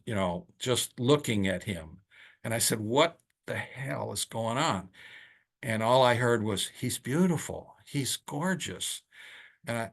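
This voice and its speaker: An older man tells a story from his surgical practice in a relaxed monologue. He acts out the voices in it, his pitch climbing high as the story builds. He talks like a host speaking straight to his listeners. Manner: animated storyteller who acts out quotes with rising pitch. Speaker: oral surgeon and podcast host.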